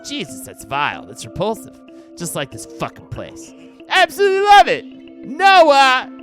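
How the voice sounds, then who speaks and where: A man's voice: wildly swooping pitch, moderate pace, music in the background. A man voicing a crude, arrogant male film director who insults everyone around him. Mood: rude. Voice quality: high, brash, sneering.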